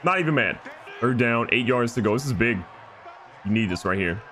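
A man giving excited, joking gameplay commentary as a gaming YouTuber. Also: medium pitch, normal speed. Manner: animated, joking, trash-talking.

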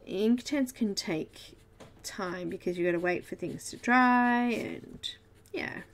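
A woman's voice: medium pitch, slow. An Australian woman hosting a live colouring tutorial, chatting and giggling with viewers as she works. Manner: chatty, giggly, talks to viewers while working. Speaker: host of a live colouring stream. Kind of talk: casual live tutorial chat.

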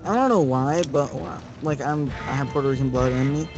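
A young man co-hosting a game stream, teasing his partner and reacting out loud to the match he is playing. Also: mid-range voice, fairly quick, muffled recording. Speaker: stream co-host. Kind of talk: casual gaming stream chat. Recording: game music clear in background.

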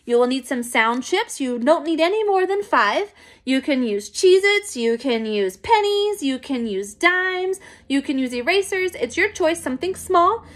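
A woman teacher giving a recorded phonics lesson to young children, encouraging and clear. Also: high-pitched, lively intonation, fairly bright tone. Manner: slow, clear, encouraging classroom pacing.

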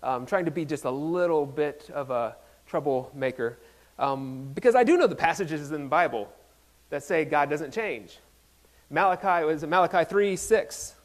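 A man's voice: a little high, lively intonation, normal speed. Playful man preaching a casual sermon. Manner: playful, self-deprecating, with frequent restarts. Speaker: pastor.

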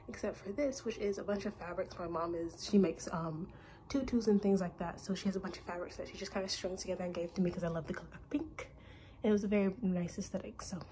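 A woman's voice: medium pitch, warm tone, a little hiss or hum. A young woman vlogger giving a casual, rambling tour of her bedroom, slightly out of breath. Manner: chatty, rambling with many ums.

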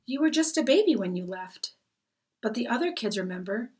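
A woman's voice: fairly high pitch, lively intonation, fairly quick, natural voice. A woman reading the part of a loving, nostalgic grandmother who tells her island memories unhurriedly. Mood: fond.

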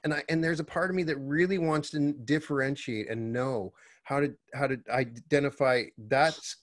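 A man's voice: medium pitch, steady tone, normal speed. A man hosting an interview who thinks aloud and asks long, searching questions. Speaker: host. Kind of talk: casual interview conversation.

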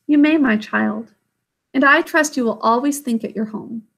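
A woman reading aloud, voicing a calm, ancient and wise great-grandmother who reassures a child. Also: fairly high pitch, normal speed, vocal fry, husky, exaggerated voice. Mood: tender. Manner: tender, reassuring.

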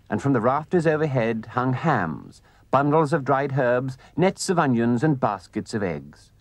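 A man narrating a children's storybook with gentle, expressive delivery. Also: mid-range voice.

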